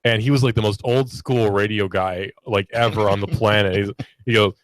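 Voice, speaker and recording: A man's voice: on the low side, fairly even intonation, normal speed, no echo, low-quality recording. Laughing young Southern man, dry studio sound. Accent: Southern American. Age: young adult. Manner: playful, laughs often, mimics announcer voices. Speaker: radio co-host. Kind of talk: casual chat.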